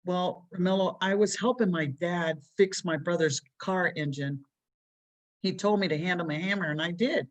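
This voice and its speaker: A woman's voice: fairly low pitch, normal speed, close to an everyday voice. A woman voicing an upset young boy who blames himself for trouble at home, speaking tearfully. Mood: sad. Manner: tearful, pleading.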